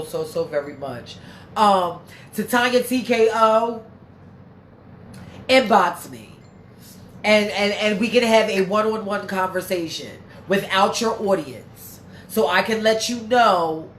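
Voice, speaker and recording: A woman's voice: medium pitch, slow pace, a little hiss or hum. A woman hosting a casual livestream, brash and chatty, swearing freely and reading out viewer comments, her nose a bit stuffy. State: stuffy, congested. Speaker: livestream host. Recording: echoey room.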